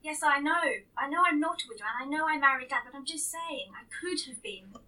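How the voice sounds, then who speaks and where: A woman voicing a chatty, wistful middle-aged mother who talks in a gently rambling, matter-of-fact way. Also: high voice, lively intonation, fairly quick, far from the mic, rough recording.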